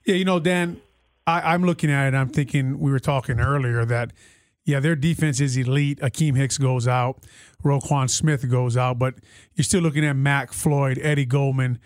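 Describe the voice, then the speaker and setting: A man's voice: medium pitch, steady tone, moderate pace, no room sound. A man co-hosting a sports radio show, chatty and joking with the guest. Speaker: radio co-host. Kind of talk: pregame radio talk.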